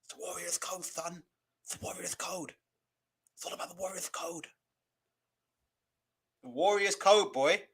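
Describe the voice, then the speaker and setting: A man's voice: sits high, normal speed, few pauses, a bit bright. A man putting on the voice of a stern, pompous older boxer father pushing his son to fight. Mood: hushed solemn. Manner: demanding, insistent.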